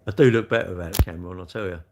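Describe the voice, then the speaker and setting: A man's voice: low-pitched, racing, noisy background. A middle-aged man rambling cheekily on a live stream, answering chat comments as he goes. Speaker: livestream host.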